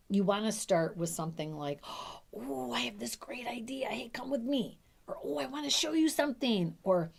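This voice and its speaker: Low-pitched, middle-aged woman, a caregiving coach: chatty and emphatic, leans on repetition, casual advice to camera. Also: a little mellow. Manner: chatty, emphatic, repeats key points. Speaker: dementia care coach.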